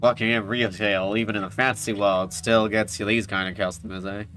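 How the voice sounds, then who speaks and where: Wry low-voiced man streaming a game. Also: fairly even intonation, brisk, pushed and bright, soft background music. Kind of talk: casual gaming commentary.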